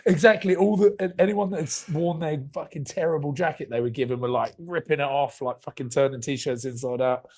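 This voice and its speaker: A man's voice: on the high side, steady tone, brisk, few pauses, darkish tone. A man in his thirties, a podcast co-host, telling rambling comic stories in casual chat and swearing freely.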